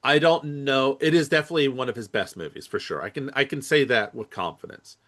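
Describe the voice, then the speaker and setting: A man co-hosts a casual movie podcast, his voice sitting at an ordinary middle pitch. He rambles and hesitates, restarting his sentences often as he thinks aloud. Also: a little fast, fairly bright tone. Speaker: podcast co-host.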